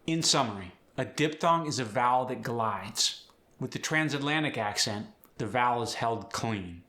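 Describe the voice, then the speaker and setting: Bright-voiced male accent coach. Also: medium pitch, expressive, moderate pace. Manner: explanatory, demonstrative, casual. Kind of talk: pronunciation tutorial.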